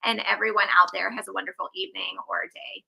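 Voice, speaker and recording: A woman's voice: medium pitch, little pitch movement, fast, vocal fry, sharp tone, breathy edge, rough recording. A woman hosting an online interview, upbeat and full of thanks to her guest and viewers over a video call. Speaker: host.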